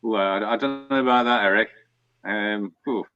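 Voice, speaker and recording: A man's voice: on the low side, moderate pace, bright, forceful tone. A man with a Geordie accent, speaking hesitantly and thoughtfully in casual stream banter. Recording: dry, dull-sounding mic.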